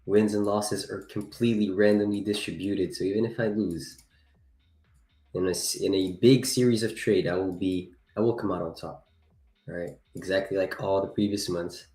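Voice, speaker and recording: A man with a fairly low voice, a native French speaker, hosts a live trading stream. He talks in a loose, playful way with his viewers. The sound is roomy, with faint music underneath. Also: steady tone, moderate pace, dark tone. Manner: chatty, playful, reacts to chat with laughs.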